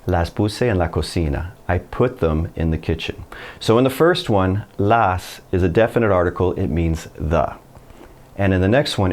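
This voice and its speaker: A man teaching a casual Spanish lesson, chatty and relaxed, slowing down for example sentences. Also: low voice. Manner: relaxed, chatty explaining with slow model sentences.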